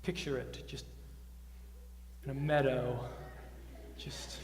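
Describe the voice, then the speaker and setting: A man's voice: medium pitch, flat delivery, slow pace, darkish tone. A man performing as a stage magician, teasing his volunteers with playful patter before a live audience. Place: large roomy hall before a live audience. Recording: echoey hall recording with faint music.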